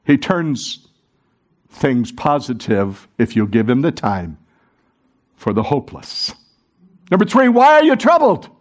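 A middle-aged man preaching a sermon, animated and urging the congregation to join in. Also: mid-range voice, a little slow, pauses often. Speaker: pastor.

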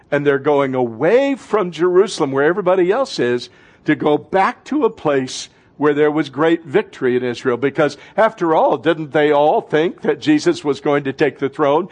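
Fervent preacher, man with a higher voice. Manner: fervent preaching, swinging between loud and hushed. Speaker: pastor. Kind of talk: sermon.

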